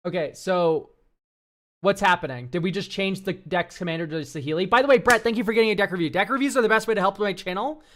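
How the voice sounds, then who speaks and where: A deck-review streamer chatting straight to their live chat in a loose, unscripted way. They rant freely and drop swear words without a second thought. The voice sits at an ordinary middle pitch. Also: fast talker, fairly bright tone, a little hiss or hum. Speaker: streamer reviewing viewer decks. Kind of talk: casual livestream chat.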